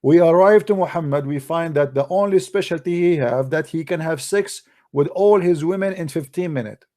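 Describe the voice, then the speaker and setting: A man with an Arabic accent hosts a polemical commentary, scolding his critics combatively in broken English with non-native grammar. His voice is on the high side and a little mellow, at a moderate pace.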